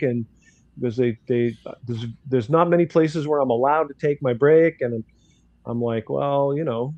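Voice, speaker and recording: A man's voice: medium pitch, normal speed, darkish tone, no echo, dull audio. An older man, a grandfather, bluntly telling a story in casual talk and acting out the dialogue. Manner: blunt, outspoken, acts out dialogue in quotes. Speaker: guest commentator.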